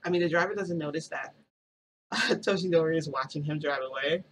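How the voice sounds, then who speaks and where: A woman's voice: sits low, fairly quick, a little hiss or hum, poor audio. A woman vlogger telling a story in a rambling, casual way, full of "like" and restarts.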